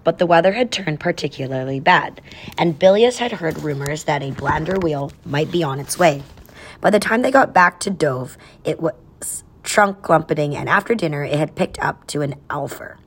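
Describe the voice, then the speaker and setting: A woman reading a children's storybook aloud in a soft, even storytelling way. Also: sits low, breathy edge. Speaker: narrator.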